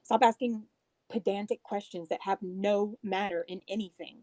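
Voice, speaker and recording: A woman's voice: medium pitch, fairly even intonation, moderate pace, mellow, no room sound. A woman caller on a livestream, blunt and defensive, swearing often. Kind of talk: heated call-in talk.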